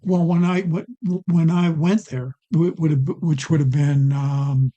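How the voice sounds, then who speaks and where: A man's voice: fairly high pitch, steady tone, measured pace, mellow. A man on a casual podcast recalling his school years, stopping and repeating words as he remembers. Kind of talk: casual reminiscing chat.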